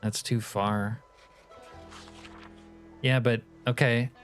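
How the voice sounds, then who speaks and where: A man's voice: medium pitch, fairly even intonation, extremely slow, soft background music. A man streaming a game live, chatting casually with his viewers in a joking, profane way. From California. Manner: joking, profane banter with chat.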